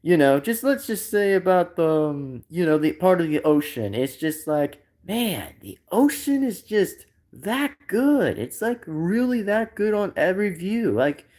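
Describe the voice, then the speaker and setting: A man's voice: sits high, sing-song, normal speed, few pauses, a little mellow. Rambling man on a live stream. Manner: rambling and repetitive, full of filler phrases. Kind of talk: unscripted live stream chat.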